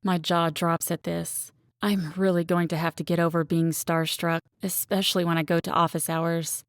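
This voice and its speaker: Gravelly low-voiced woman narrating an audiobook. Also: level tone, normal speed, dry recording, clean studio sound. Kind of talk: first-person romance audiobook narration.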